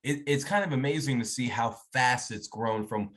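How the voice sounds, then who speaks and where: A man's voice: mid-range voice, normal speed, a bit bright. A man hosting an interview show, chatting enthusiastically with frequent restarts. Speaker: host. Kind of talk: interview chat.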